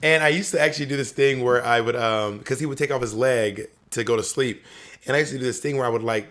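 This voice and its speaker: Animated man telling family stories. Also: medium pitch, quick pace. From Southern US. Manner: animated storyteller, acts out quotes. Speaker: podcast co-host. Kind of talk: casual chat.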